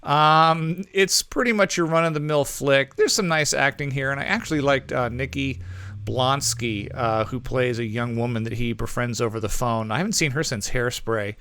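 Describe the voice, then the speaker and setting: A man's voice: medium pitch, normal speed, a bit bright, clear, resonant tone, no echo. A man co-hosting a movie podcast, giving casual reviews in a rambling way, full of ums and self-corrections.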